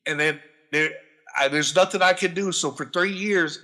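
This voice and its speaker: Male podcast guest, bright and fairly high voice, animated storyteller who swears freely. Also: moderate pace. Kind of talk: casual profane storytelling.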